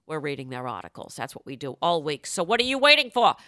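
A woman hosts a comedy podcast with a bright, lively voice that swings up and down as she jokes. She laughs easily and keeps the banter playful. The sound is dry and close. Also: low voice, quick pace, few pauses, dry recording. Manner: playful, laughs often, slips into silly voices. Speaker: podcast host.

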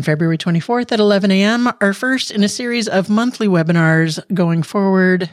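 A woman hosting a podcast in a chatty, energetic way, laughing often, with a voice that is starting to wear out. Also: fairly low pitch, no room sound, clean studio sound. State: losing her voice. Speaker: podcast host. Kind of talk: casual podcast monologue.

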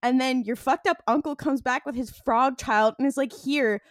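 A woman co-hosting a podcast, chatting in an excitable way, laughing and swearing as she talks. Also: sits high, moderate pace, no room sound, studio quality. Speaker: podcast co-host. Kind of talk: casual chat.

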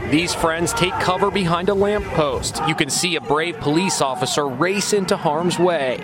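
A man's voice: fairly high pitch, normal speed, very noisy. A man news correspondent narrating a scripted report with dramatic, emphatic delivery.

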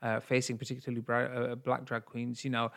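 A man's voice: medium pitch, completely flat delivery, fairly quick, creaky, fairly bright tone. A man co-hosting a casual podcast chat, earnest and blunt, with some swearing.

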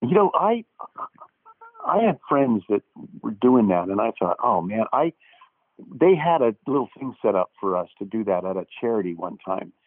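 An older man, an actor guest, telling lively anecdotes and acting out the dialogue, with many false starts. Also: lowish voice, moderate pace, dry recording. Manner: animated storyteller who acts out quoted dialogue, with frequent restarts. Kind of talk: anecdotal interview storytelling. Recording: dry, tinny phone-like line.

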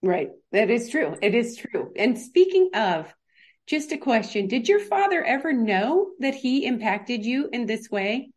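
A woman's voice: fairly high pitch, big pitch swings, unhurried, darkish tone. Affirming woman podcast host. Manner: affirming, encouraging listener. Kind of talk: interview.

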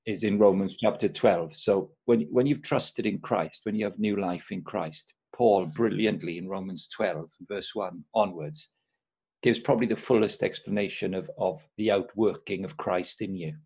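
A man with a gravelly, husky low voice walks listeners through a Bible passage. He talks in an earnest, teacherly way and warms up as he explains each point. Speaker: guest, Christian sports speaker. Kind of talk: explaining scripture in conversation.

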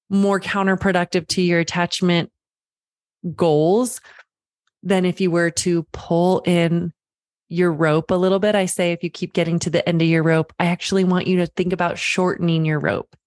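A woman's voice: on the low side, fairly even intonation, normal speed, darkish tone, no room sound, clean studio sound. A woman parenting coach giving direct advice to the listener, reassuring and calling them friend. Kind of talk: direct-to-camera advice talk.

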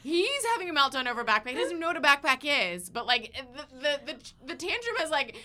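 A woman's voice: high-pitched, expressive, fast, pushed and bright. A woman in her thirties, a podcast co-host, telling a long, chatty story with lots of fillers and restarts. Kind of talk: casual chat.

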